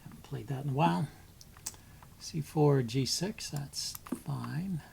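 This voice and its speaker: A man commentates his own blitz chess game on his channel, his voice gravelly with a rough, creaky edge. He thinks aloud hesitantly, full of ums, and drops to a mutter as he weighs each move. A faint noise sits under the recording. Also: on the high side, slow pace, darkish tone.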